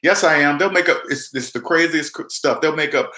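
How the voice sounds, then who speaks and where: A man's voice: on the high side, fairly quick, sharp tone, reverberant. A man in his forties giving a casual motivational talk to his viewers, repeating himself and acting out other people's lines. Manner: preachy, repetitive, talks straight to viewers, acts out quotes. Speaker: personal finance vlogger. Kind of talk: casual motivational monologue to camera.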